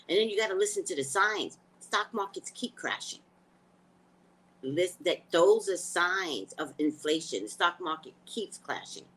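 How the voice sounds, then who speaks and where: A woman's voice: fairly low pitch, fairly bright tone, slightly rough, low-quality recording. A woman psychic hosting a live news chat, blunt and emotional, swearing freely. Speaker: psychic host.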